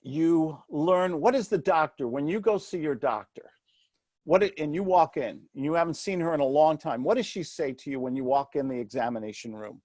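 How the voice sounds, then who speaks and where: A man's voice: on the high side, lively intonation, a little fast, darkish tone, dry recording, studio quality. A middle-aged man from New York City with a New York accent, a real estate mentor in an interview who asks himself questions and acts out what other people say. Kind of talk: animated interview talk.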